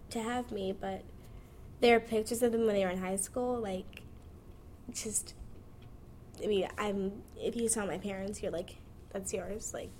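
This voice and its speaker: A woman's voice: mid-range voice, a little hiss or hum. Frank, chatty nineteen-year-old woman. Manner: frank, chatty, laughs while talking. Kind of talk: candid personal monologue.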